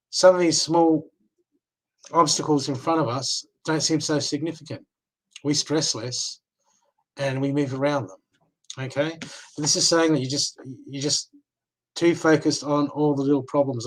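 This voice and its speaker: A man's voice: on the high side, poor audio. An Australian man giving live card readings, talking casually and reassuringly, often checking in with "okay?". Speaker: card reader.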